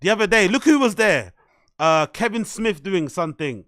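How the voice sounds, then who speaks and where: A man hosting a live reaction stream, excitable and swearing often as he laughs along. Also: sits high, normal speed, no room sound, clean studio sound. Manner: excitable, swears heavily, laughs at own remarks. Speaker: streamer host.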